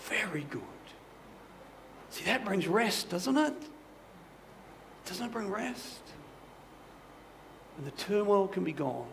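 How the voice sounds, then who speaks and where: Man, pastor, sermon, conversational storyteller, frequent asides, slightly high voice, gravelly. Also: lively intonation, slow, long pauses, a little hiss or hum. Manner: conversational, many "you know" asides.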